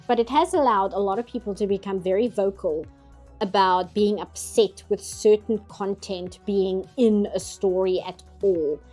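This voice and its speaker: A woman's voice: medium pitch, dark tone. A woman, hosting a casual livestream chat and talking easily with frequent laughs. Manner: chatty, laughs often, mock outrage. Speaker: livestream host.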